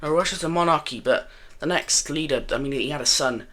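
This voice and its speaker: A young man with a somewhat high, slightly bright voice talks fairly quickly as he narrates an alternate-history map game. His commentary is casual, chatty and jokey, rambling along and often correcting himself mid-sentence.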